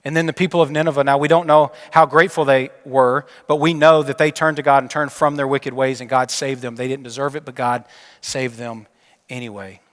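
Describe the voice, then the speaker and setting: A male pastor preaching a sermon and telling a story, his delivery dropping from emphatic to hushed. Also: medium pitch, flat delivery, fairly quick. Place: church sanctuary. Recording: long church reverb.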